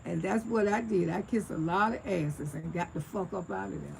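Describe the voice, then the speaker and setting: A woman's voice: on the low side, moderate pace, gravelly, a little mellow, a little hiss or hum, rough recording. A woman, casually telling stories on a livestream and answering viewer comments, laughing often. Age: 60s. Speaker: livestream host.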